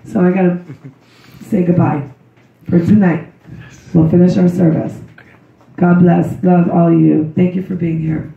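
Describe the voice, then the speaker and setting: A hoarse woman with a cold gives a rambling, emotional memorial tribute to her daughter. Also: lowish voice, little pitch movement, measured pace. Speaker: grieving mother giving a memorial tribute. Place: memorial service room. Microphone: recorded from a distance by someone in the room. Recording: dull, roomy, distant recording.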